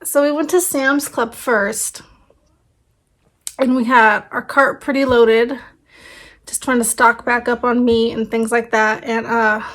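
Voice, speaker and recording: A woman's voice: a little high, fairly even intonation, takes it slowly, fairly bright tone. A woman in her thirties, a family vlogger, chatting casually and rambling with fillers, tired and her voice fading. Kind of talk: casual vlog chat.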